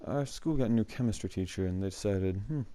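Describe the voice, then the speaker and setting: This young man talks fast in a fairly low, mellow voice, hosting his own show and rambling through school stories for the camera. Fillers and chuckles abound, and his microphone cuts in and out.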